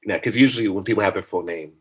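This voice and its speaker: A man being interviewed in a casual conversation, talking in a playful, animated way that jumps into high comic voices. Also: rapid-fire, husky, low-quality recording. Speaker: interview guest.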